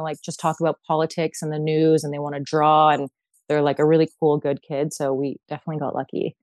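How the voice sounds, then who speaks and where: A woman's voice: on the low side, a little mellow, dry recording. Chatty young woman with a Canadian accent. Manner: chatty, heavy use of "like". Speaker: podcast guest. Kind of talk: casual chat.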